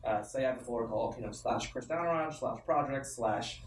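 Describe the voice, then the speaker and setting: A man co-hosting a casual tech chat, explaining things in a relaxed way. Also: mid-range voice, a little fast. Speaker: co-host. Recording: roomy, distant mic, faint background hum.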